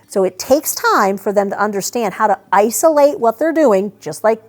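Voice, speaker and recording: An animated woman with a mid-range voice speaks at normal speed, training a service dog in front of veterans she addresses directly. Her step-by-step explanations are chatty and practical, punctuated by brief commands to the dog.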